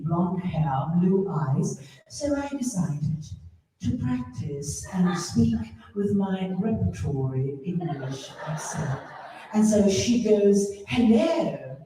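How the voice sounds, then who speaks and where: Filipina storyteller, distant and echoey. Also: female voice, mid-range voice, slight background noise. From Philippines. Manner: animated, mimics voices, laughs at own jokes. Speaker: singer telling stories on stage. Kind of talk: stand-up storytelling in a concert. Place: concert stage. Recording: distant echoey live hall with faint ambience.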